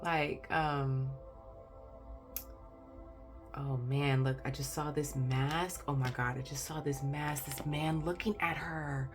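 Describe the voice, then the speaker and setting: A woman's voice: low voice, fairly even intonation, slow pace, music in the background. A woman giving a chatty pick-a-card tarot reading, exclaiming and talking straight to her viewers. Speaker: tarot reader.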